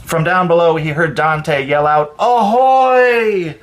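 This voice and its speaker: A man calmly and expressively reading a children's story aloud as storyteller. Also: fairly high pitch, normal speed. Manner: calm, expressive read-aloud.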